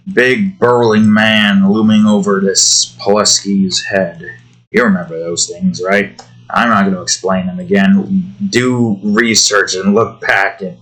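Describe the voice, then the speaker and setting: Tired guy mumbling along slow while he works on his game, lowish voice, kinda grumpy. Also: a bit bright. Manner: grumbling, rambling, talking to himself. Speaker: game developer vlogger. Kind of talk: casual rambling commentary while working.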